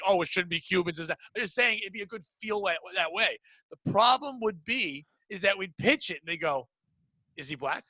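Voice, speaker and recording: A man hosting a casual comedy podcast, riffing excitably on a movie idea and bursting into shouted bits. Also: sits high, no echo, poor audio. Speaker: podcast host.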